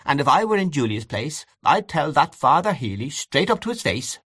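A man's voice: on the high side, very animated, normal speed, bright, forceful tone, slightly rough, dry recording, studio quality, voice pushed up, heavily acted. A man voicing a fussy, fretful elderly aunt in a storybook reading. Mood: indignant.

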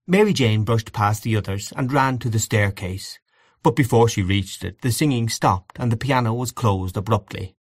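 A man narrating a story aloud in a measured, expressive audiobook reading. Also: on the low side, slightly rough, dry recording.

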